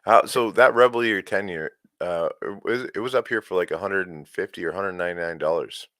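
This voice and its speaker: A man's voice: sits low, a little fast, a bit bright, no room sound, studio quality. A man hosting a casual podcast, leading with questions in an easygoing way. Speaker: podcast host. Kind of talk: casual bourbon chat.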